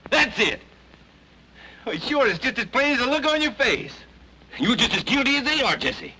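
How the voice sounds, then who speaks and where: A man's voice: extremely high pitch, very animated, normal speed, bright, forceful tone, slight background noise, exaggerated voice, low-quality recording. An actor playing a determined young Southern man in a 1940s film, pressing hard with an insistent manner. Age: young adult. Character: determined young swamp-country man, stubborn.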